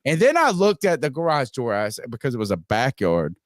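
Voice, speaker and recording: A man's voice: mid-range voice, fairly quick, no echo, studio quality. A man on a podcast telling a story casually, swearing a lot and acting out what people said. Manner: profane, animated, acts out quotes loudly. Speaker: podcast host.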